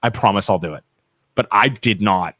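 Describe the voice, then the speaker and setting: A man's voice: on the low side, normal speed, sharp tone, no room sound. A man with an Ohio accent co-hosting a local live talk show, joking around and needling his partner. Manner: goofy, teasing, talks over his co-host. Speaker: podcast co-host. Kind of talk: casual radio talk show banter.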